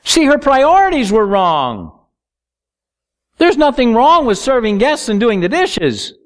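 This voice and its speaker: A middle-aged man preaching a sermon as pastor, earnest, slowing down to stress key words. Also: very high voice, sing-song.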